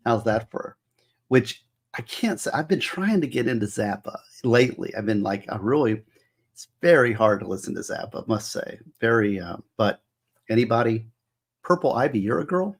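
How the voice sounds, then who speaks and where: A man's voice: medium pitch, big pitch swings, moderate pace, breathy edge. A man hosting a casual livestream about music, chatting with viewers in a rambling, enthusiastic way, full of trivia and restarted phrases. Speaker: host.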